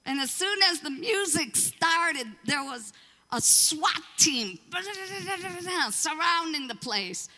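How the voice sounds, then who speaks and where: A woman pastor telling a story from the pulpit in an animated way, acting out the voices of the people she quotes. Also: extremely high pitch, slow, in a large hall. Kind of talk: storytelling sermon.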